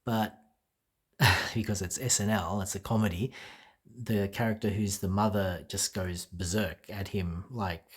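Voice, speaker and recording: Husky low-voiced man rambling. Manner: rambling, chatty, many fillers and restarts; laughs as he talks. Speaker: vlogger. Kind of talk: casual solo talk to camera.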